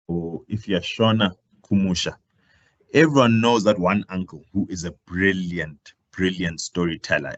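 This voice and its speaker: A man leads a public-speaking workshop in a slightly low, husky voice. He projects loudly and swings his pitch and volume up and down as he demonstrates. The recording is dull and lo-fi. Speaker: career talk presenter. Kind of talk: live workshop presentation.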